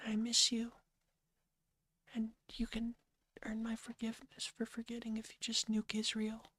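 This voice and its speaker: A woman voicing a sly male shoulder devil in a whispered role-play, pleading and coaxing in a high, breathy whisper. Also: monotone, normal speed, a bit bright, no echo.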